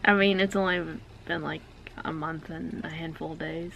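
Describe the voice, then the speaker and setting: A woman's voice: sits low, steady tone, moderate pace, gravelly, lo-fi sound, slight background noise. A young woman in casual podcast chat, talkative and giggling a lot. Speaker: podcast co-host.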